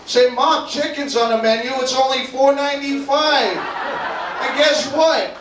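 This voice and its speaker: A man's voice: very high-pitched, a little slow. A young man from Boston with a Boston accent, doing a brash, profane stand-up set in a bar. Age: 20s. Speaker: stand-up comedian. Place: bar comedy club. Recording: roomy club tape from far off, loud crowd. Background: crowd laughter.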